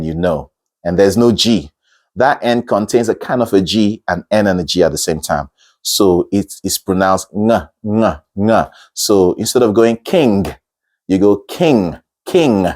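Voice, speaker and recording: A man teaching singing, who explains patiently step by step, repeats words slowly and breaks into short sung examples. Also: deep voice, a little mellow. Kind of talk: instructional talk.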